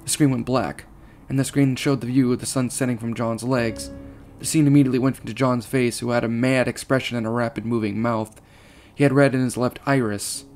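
A man reading a horror story aloud, steady, with small slips and restarts. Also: mid-range voice, a little fast. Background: faint guitar music.

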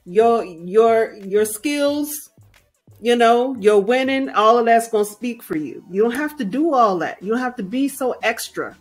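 A woman co-host talks bluntly and sassily in a casual podcast chat. Her voice swings widely in pitch and sits high. She hammers her points home with repetition. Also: animated, unhurried, no room sound, faint music behind. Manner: blunt, sassy, emphatic repetition.

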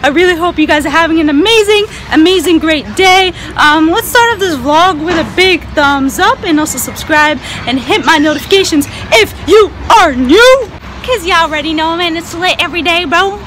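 A woman with a high, bright-sounding pitch talks in a casual, jokey vlog style, breaking into loud exclamations. She is filming herself outdoors on a busy street. Heavy traffic noise and honking run under her voice. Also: expressive, normal speed. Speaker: vlogger. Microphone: handheld camera filming herself.

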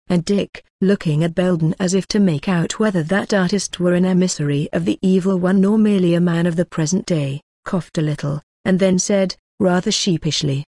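Low, mellow woman reading an audiobook. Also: fairly even intonation, no echo, clean studio sound. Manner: measured, unhurried reading. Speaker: audiobook narrator. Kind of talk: scripted audiobook narration.

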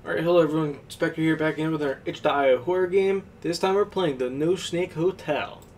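A man giving let's-play commentary on a horror game, with loud, swearing reactions to scares. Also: a little high, fairly quick, far from the mic, faint music behind. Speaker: gaming YouTuber.

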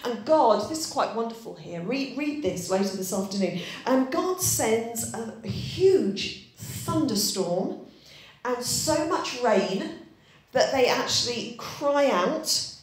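A woman's voice: fairly high pitch, expressive, slow, very echoey, low-quality recording. A woman pastor preaching a sermon, retelling scripture in a chatty, conversational way. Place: church.

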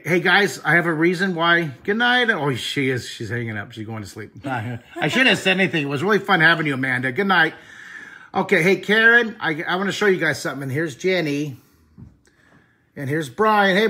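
A man who teaches drawing, chatting in an excitable, rambling way on a live stream, filmed on a handheld phone in a friend's house. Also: a little high, moderate pace. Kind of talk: live-streamed casual chat. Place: living room of a friend's house. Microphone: handheld camera phone.

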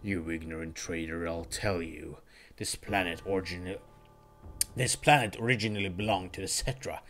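A man voicing a cold, calm, menacing male villain, speaking slowly and low while reading game dialogue aloud. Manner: slow, low, measured delivery.

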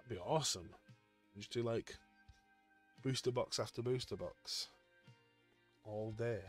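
A man live-streaming as he opens trading card packs, chatting excitedly with his viewers. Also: mid-range voice, unhurried, breathy edge, soft background music. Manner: excitable, chatty, talks to chat. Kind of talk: casual live-stream chat.

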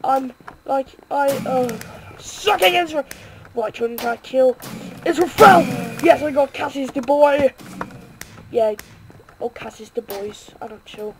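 Excitable woman commenting on gameplay. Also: sits high, slow, background noise. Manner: excitable, self-mocking, swears and cheers in bursts. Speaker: gaming video creator.

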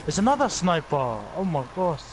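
A man's voice: sits high, very animated, brisk. A man in casual gaming voice chat, swearing at friends and calling out enemy positions. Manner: crude trash talk and callouts. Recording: voice chat over loud game noise.

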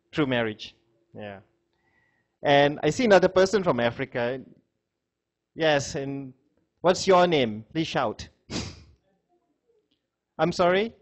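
A man giving a classroom lecture, chatting with students, asking questions and laughing often. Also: medium pitch.

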